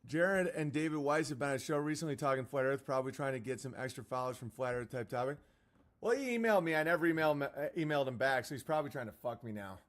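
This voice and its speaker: A man's voice: medium pitch, expressive, fast. A middle-aged man hosting a watch party, ranting in a crude, mocking, profane way. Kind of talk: casual ranting commentary.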